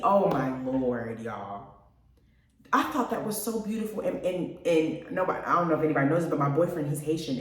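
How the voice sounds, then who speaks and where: A woman's voice: lowish voice, darkish tone. A woman hosting a radio show, chatting casually and gushing to her listeners about a movie. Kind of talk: casual movie review chat. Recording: very echoey room, mic at a distance.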